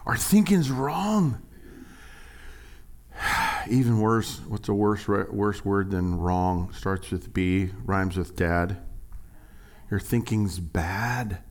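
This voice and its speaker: Guy pastor preaching, jokey, goes quiet then suddenly loud and high. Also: slow, pauses often. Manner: animated, jokey, swings from quiet asides to loud high exclaims. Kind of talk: sermon.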